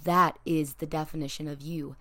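A young woman hosting her own podcast, talking straight to her listeners in a playful, animated monologue. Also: deep voice, normal speed. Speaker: podcast host.

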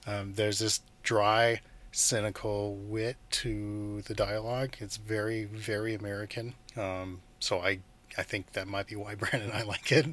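A man's voice: on the low side, little pitch movement, measured pace, a bit bright. A man co-hosting a casual film podcast, enthusiastic, laughing often and acting out scenes. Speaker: podcast co-host.

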